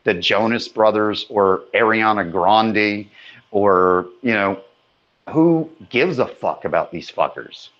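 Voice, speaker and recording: A low-pitched man talks at a very unhurried pace, offering blunt opinions with casual cursing. His voice sounds slightly dull and muffled, like a lo-fi recording. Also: animated. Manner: slow, opinionated, casual swearing. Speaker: podcast host. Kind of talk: casual podcast chat.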